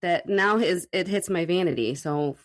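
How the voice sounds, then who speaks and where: A woman with a slightly low voice tells a story in a casual podcast chat. She is animated and swears freely. She speaks from her home recording room. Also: normal speed. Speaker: podcast co-host.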